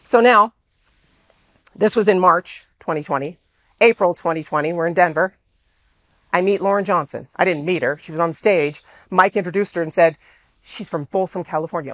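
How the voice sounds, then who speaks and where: A woman speaking to an audience, telling a story in an animated way and acting out the dialogue. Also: on the low side, fairly quick, no room sound. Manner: animated, exclaims often, acts out quoted dialogue.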